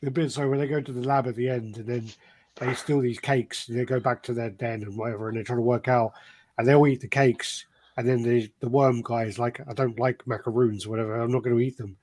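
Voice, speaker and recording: A man's voice: mid-range voice, steady tone, a little fast, a little mellow. A man co-hosting a collectibles podcast, telling long rambling stories in casual chat and swearing freely. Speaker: podcast co-host.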